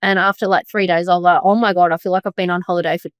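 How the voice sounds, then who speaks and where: A woman's voice: on the low side, flat delivery, racing, smooth, no echo, clean studio sound. A woman co-hosting a casual podcast, talking about her travels in a laid-back, easygoing way. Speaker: podcast co-host. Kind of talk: casual chat.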